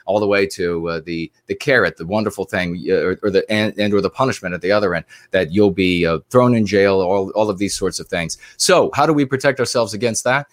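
A man with a lowish voice gives a long, earnest spoken commentary on a livestream. He often restarts and circles back on his phrasing. The sound is dry and close, with no room around it. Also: brisk, few pauses, dry recording. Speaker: livestream co-host.

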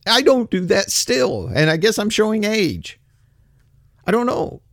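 A man's voice: high-pitched, big pitch swings, measured pace, no echo, studio quality. A man ranting in opinion commentary, blunt, profane and sarcastic.

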